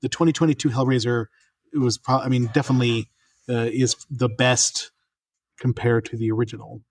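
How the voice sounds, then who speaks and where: A man's voice: medium pitch, flat delivery, fairly quick, no room sound, clean studio sound. A middle-aged man from New Mexico, co-hosting a casual movie podcast, rambling and laughing often as he trails off and restarts. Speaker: podcast co-host. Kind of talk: casual chat.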